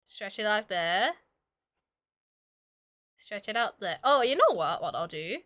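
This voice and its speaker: A woman's voice: mid-range voice, lively intonation, unhurried, a bit bright. A woman streamer chatting casually with her audience while drawing, giggly and full of filler words, sick and coughing now and then. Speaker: streamer and illustrator.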